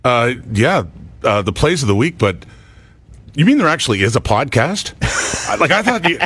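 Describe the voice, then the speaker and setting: A man's voice: medium pitch, big pitch swings, moderate pace, a bit bright, breathy edge, no echo. A man guesting on a podcast, bantering in a dry, joking way. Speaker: broadcaster guest. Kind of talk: casual banter.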